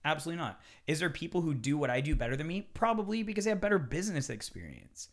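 A man who works as a chef, talking casually on a podcast and swearing freely as he acts out kitchen quotes with animated energy. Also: on the high side, fast talker.

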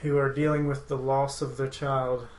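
A man hosting a movie podcast in an easygoing, rambling way. He offers opinions freely and laughs often. His voice sits at a middle pitch. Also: little pitch movement, moderate pace, slight background noise, rough recording. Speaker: podcast host. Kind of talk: casual movie podcast chat.

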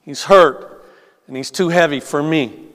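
A man's voice: fairly high pitch, measured pace, fairly bright tone. A desperate young boy, as a preacher tells it, pleading and apologetic, his voice lifted a little above the teller's. A long hall reverb trails every word.

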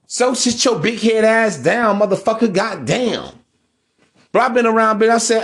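A man delivering a casual podcast monologue in a blunt, preachy way, with frequent profanity. His voice sits somewhat high for a man. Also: lively intonation, normal speed, a bit bright. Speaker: podcast host.

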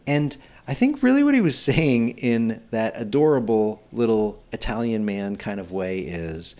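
Middle-aged male podcast host, slightly low voice, earnest encouraging delivery. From Pennsylvania. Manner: earnest, encouraging, rhetorical questions. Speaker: podcast host, nonprofit executive director. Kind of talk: solo podcast monologue.

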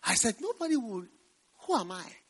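A male pastor preaching at a revival service, his voice high and bright. It rises and falls widely, and he stretches scripture lines out slowly before dropping to a near hush. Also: very animated, husky. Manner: swings from loud preaching to hushed, slow quotes. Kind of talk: revival sermon.

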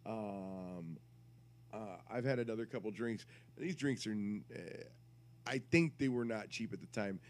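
A man's voice: on the low side, unhurried. A man on a podcast, telling a rambling, crude story in casual chat and interrupting himself as he goes. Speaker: podcast co-host.

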